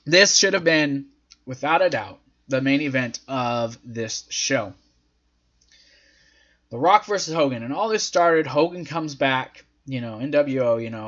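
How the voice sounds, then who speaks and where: A man's voice: medium pitch, expressive, measured pace, a bit bright. A man hosting a casual recap, rambling along with lots of fillers as he retells events. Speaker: host. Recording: dull lo-fi audio.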